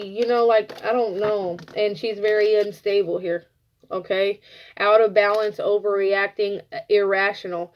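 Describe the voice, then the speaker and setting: Woman tarot reader, casual and profane, animated storytelling, muffled lo-fi audio. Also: mid-range voice, a little slow.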